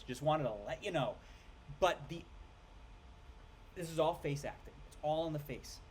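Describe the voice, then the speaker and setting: A man ranting casually about a film, rambling, swearing and tripping over names as he gets excited. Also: a little high, moderate pace, pauses often, a little hiss or hum. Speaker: film reviewer. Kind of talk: casual rant review.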